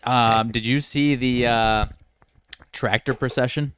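An easygoing man co-hosts a betting show and chats through golf and sports odds. His voice is smooth and clear. The recording is dry and close. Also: medium pitch, steady tone, takes it slowly, fairly bright tone, dry recording. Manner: easygoing, chatty, relays odds. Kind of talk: casual chat.

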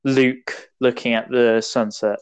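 A young man co-hosting a casual podcast chat, wry and mocking, with unhurried speech and fillers. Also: mid-range voice, flat delivery, smooth. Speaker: podcast co-host.

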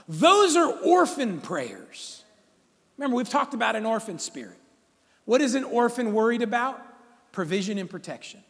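A male pastor preaches to his congregation, exhorting them and teasing them with jokes. His high voice leaps around animatedly from phrase to phrase. A long church reverb hangs on every line. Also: fairly bright tone. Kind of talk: sermon. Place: church sanctuary.

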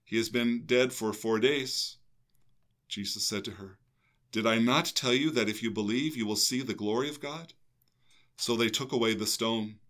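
A man's voice: medium pitch, moderate pace, fairly bright tone. An older man, a priest, reading a gospel passage aloud and then reflecting on it in earnest, meditative talk with a co-host. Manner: earnest, meditative, with some restarts.

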